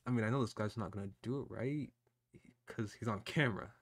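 A young man hosting a reaction video in a casual, animated way, with frequent outbursts and a lot of "dude". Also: lowish voice, fairly quick, no echo. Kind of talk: excited casual reaction commentary.

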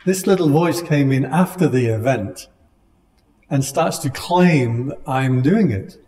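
A man giving a dharma talk to a meditation class, speaking in a calm, conversational way with gentle humor. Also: medium pitch, takes it slowly. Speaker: meditation teacher. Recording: long hall reverb.

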